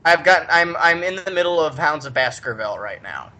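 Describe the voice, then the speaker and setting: A man co-hosting a podcast in casual chat, telling stories in a chatty, animated way. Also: a little high, brisk. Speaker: podcast co-host.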